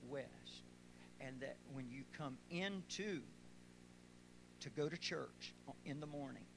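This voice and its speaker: A man preaching a sermon as pastor of a church, talking quietly at first and building up to shouting praise. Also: mid-range voice, gravelly, background noise. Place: church sanctuary.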